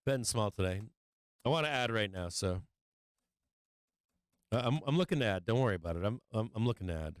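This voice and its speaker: Male trading-stream host, casual and rambling, profane venting, smooth voice, dry close sound. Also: fairly low pitch, expressive, a little fast, pauses often, no room sound, rough recording. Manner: profane, venting frustration, laughing at himself; rambling with fillers and restarts. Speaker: livestream stock trading host. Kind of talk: casual live-stream market talk.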